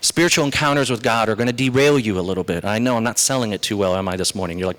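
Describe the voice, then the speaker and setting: A male pastor delivering a sermon, moving between slow, weighty lines and quick, chatty asides. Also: on the low side. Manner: animated, shifts between slow emphatic phrases and quick asides.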